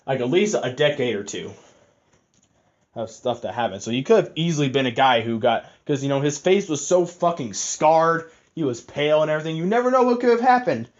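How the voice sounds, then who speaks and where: A man's voice: on the high side, expressive, fairly quick. A young man giving a rambling, profane, casual film review, full of fillers and restarts. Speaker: movie reviewer. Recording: slightly muffled lo-fi audio.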